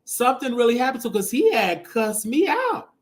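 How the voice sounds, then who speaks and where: High-voiced expressive male show host. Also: brisk. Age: 30s. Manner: emotional, expressive, swings into loud exclamations. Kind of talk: casual commentary show.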